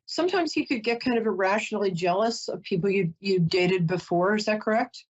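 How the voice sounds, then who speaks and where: A woman's voice: mid-range voice, fairly quick, muffled recording. A woman giving a live call-in psychic reading, chatty and emotional, often breaking off to apologize. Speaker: psychic reader.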